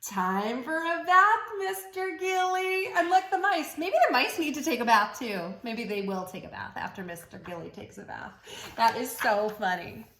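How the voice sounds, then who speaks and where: With a fairly high, slightly bright voice and lively intonation, a woman reads a picture book to young children at a moderate pace. She is a playful, encouraging teacher, chanting call-and-response lines with them in a sing-song storytime manner, and the room is audible in the sound.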